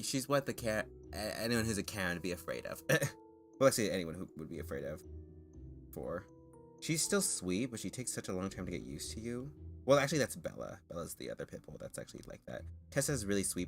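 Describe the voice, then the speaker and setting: A man's voice: sits low, sing-song, fairly quick, soft background music. A man streaming and chatting casually with viewers, rambling with frequent laughs, false starts and restarts, a little nervous. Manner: self-consciously nervous.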